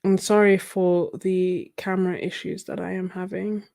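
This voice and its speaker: A woman's voice: on the low side, level tone, moderate pace, vocal fry, a little mellow. A woman chatting casually on a livestream while she paints, rambling with many fillers and restarts and laughing often. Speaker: art livestreamer. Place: home desk. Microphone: phone.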